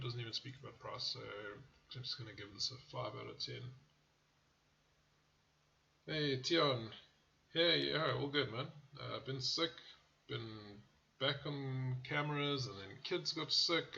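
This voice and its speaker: Gravelly man ranting bluntly. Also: mid-range voice, lively intonation, normal speed, sharp tone, lo-fi sound. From South Africa. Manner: blunt and profane, riffs into rants. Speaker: car channel host. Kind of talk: casual car-ad review.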